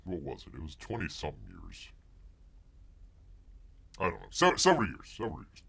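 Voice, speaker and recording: Middle-aged male streamer, animated sing-song delivery, mock-outraged rambling, refers to himself in third person. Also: extremely low pitch, fairly quick, vocal fry, breathy edge. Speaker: host of a live-streamed commentary show. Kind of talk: rambling live-stream commentary reading chat.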